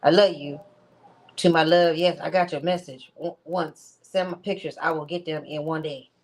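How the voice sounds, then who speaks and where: A woman voicing a man who mumbles his loose love texts in a flat way. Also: low-pitched, normal speed, low-quality recording.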